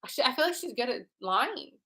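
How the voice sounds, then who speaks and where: A woman's voice: high-pitched, sing-song, bright, forceful tone. A young woman co-hosting a book club livestream, chiming in with reminders in casual chat. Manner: quick to chime in and add reminders.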